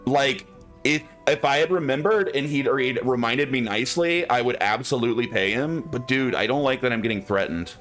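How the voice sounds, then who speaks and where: A man's voice: medium pitch, fairly quick, fairly bright tone, faint music behind. A man streaming a video game, giving casual commentary and chatting aloud to his viewers. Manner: chatty, musing aloud to chat.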